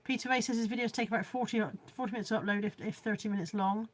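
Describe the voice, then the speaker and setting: A woman chats away on a live stream from her home, reading out viewer comments and replying to them. She rambles and laughs at herself over technology. Her voice sits a little higher than most women's. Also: steady tone, rapid-fire. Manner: rambling, chatty, self-deprecating about technology.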